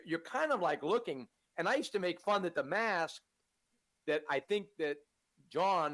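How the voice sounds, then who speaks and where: A man co-hosting a political talk show, telling stories in an animated, indignant way. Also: on the high side. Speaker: co-host.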